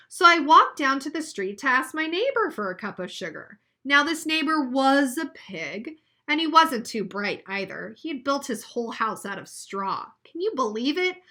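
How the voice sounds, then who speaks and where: A woman reading aloud as a sly, smooth-talking male wolf telling his side of a storybook tale. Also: sits high, bright, forceful tone, exaggerated voice.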